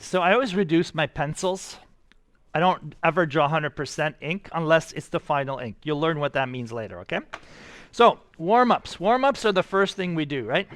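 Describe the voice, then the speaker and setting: A man's voice: on the high side, dry recording. Enthusiastic male art teacher, dry sound. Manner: energetic, enthusiastic, talks straight to students. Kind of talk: classroom drawing demonstration.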